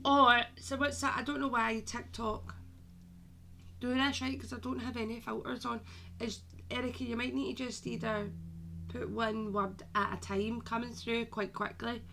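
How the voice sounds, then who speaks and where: A woman's voice: a little high, level tone, moderate pace, creaky, noisy background. A woman hosting a live stream as a medium, chatting casually with viewers and calling them "my darling".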